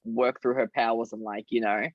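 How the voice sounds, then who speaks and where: A sassy co-host ranting about a TV episode, swearing freely and calling the characters "honey." The voice sits at a middle pitch. It comes through a somewhat dull, muffled line with a dry sound. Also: little pitch movement, moderate pace, no echo. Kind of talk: casual TV episode discussion.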